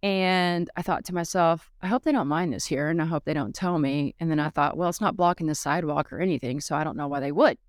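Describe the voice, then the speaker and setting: Lively woman telling a story, smooth low voice. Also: fast, few pauses, no echo, studio quality. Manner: lively storyteller who acts out each person's lines. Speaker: podcast host. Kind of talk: personal storytelling podcast.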